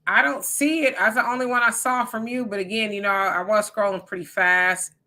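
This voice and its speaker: Bright, chatty middle-aged woman, livestream co-host reading viewer comments. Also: medium pitch, fairly even intonation, fairly quick. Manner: reads viewer comments aloud, chatty and teasing. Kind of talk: casual live-chat commentary.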